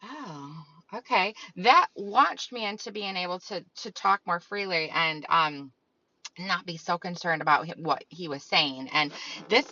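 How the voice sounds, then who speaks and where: A woman's voice: on the low side, measured pace, pushed and bright, highs cut off. A woman host in a casual spiritual monologue, talking in a rambling, meandering way full of fillers. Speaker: channel host.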